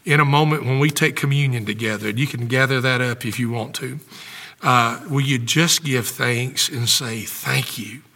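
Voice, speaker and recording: A man's voice: mid-range voice, normal speed, bright, forceful tone, in a large hall. A man preaching a sermon as pastor of a church, fervent and emphatic, his voice swelling as he drives his points home. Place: church sanctuary.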